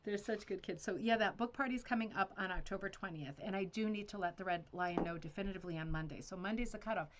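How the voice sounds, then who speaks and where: Woman, livestream host, casual, rambling, chatty, even middle pitch. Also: fast talker, few pauses, background noise. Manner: chatty, rambling, with fillers and laughs. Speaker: host of a rug hooking club livestream.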